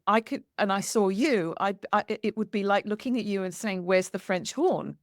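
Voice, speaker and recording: Animated woman telling a story. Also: mid-range voice, no room sound, clean studio sound. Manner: animated, acts out quoted dialogue with laughter. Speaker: podcast host. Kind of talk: storytelling in conversation.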